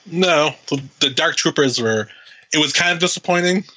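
A man's voice: a little high, normal speed, sharp tone. A man co-hosting a podcast in casual chat, swearing and laughing often. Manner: profane, laughing. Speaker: podcast co-host.

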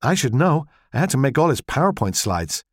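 A man voicing a young woman archaeology student who sounds bright, hurried and eager to please in an audiobook. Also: mid-range voice, very animated, no room sound, studio quality, voice pushed up.

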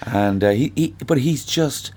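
An Irish man in his sixties, a singer-songwriter guest telling stories in a thoughtful, unhurried way during an interview. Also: medium pitch, lively intonation, dark tone. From Ireland. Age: 60s. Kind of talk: reflective conversational interview.

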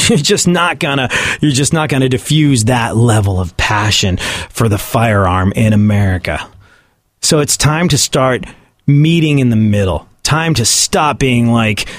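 A man's voice: medium pitch, animated, a little slow, dry recording, clean studio sound. A man giving sarcastic comedic commentary on the news and often laughing at his own points.

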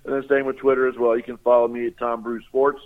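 A man's voice: medium pitch, level tone, fast. Man talking over a tinny phone line. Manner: rambling, many fillers and restarts. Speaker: guest sportswriter. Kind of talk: casual phone-in analysis.

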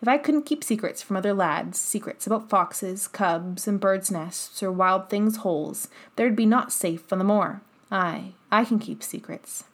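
Easygoing Yorkshire country lad, voiced by a woman for an audiobook, slow relaxed delivery. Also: mid-range voice. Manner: easy, unhurried dialect speech. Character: friendly young Yorkshire moor boy.

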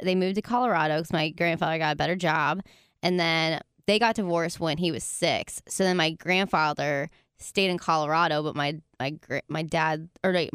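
A woman's voice: low voice, fairly bright tone, clear, resonant tone, dry recording, studio quality. Woman chatting in a rambling way. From South Carolina. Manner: rambling, filler-heavy storytelling. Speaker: guest. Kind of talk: casual chat.

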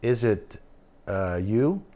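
A man's voice: lowish voice, very animated, very slow, warm tone. Man giving a questioning spiritual talk. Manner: questioning, repetitive, emphatic. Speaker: spiritual teacher.

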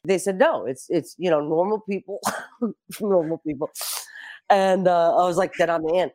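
A woman's voice: lowish voice, moderate pace. Brief: middle-aged woman, brash storyteller, loves a punchline and a curse. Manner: animated storyteller who swears and acts out quotes. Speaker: guest. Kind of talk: casual chat.

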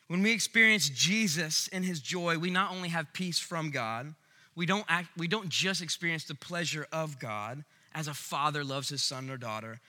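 A man preaching a sermon in a bright, sharp, high voice. He swings from loud, emphatic bursts to hushed, quiet lines. The sound rings with the long reverb of a large hall. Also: moderate pace. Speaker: pastor.

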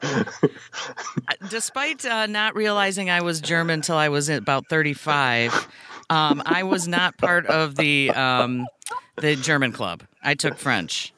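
A woman co-hosting a podcast, telling family stories in casual, animated chat. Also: low voice, takes it slowly, smooth. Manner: chatty storyteller, animated retelling. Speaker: podcast co-host.

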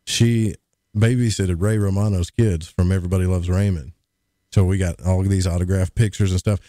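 A man's voice: deep voice, steady tone, fairly quick, dark tone, no room sound, clean studio sound. A man, co-hosting a podcast in casual, rambling chat with jokes. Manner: folksy, rambling, jokey. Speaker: podcast co-host.

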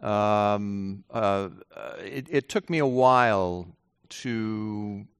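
A man, an author on a panel, answering on stage in a measured, hesitant way with many fillers. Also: on the low side, clean tone, no echo. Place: stage before a live audience at a college.

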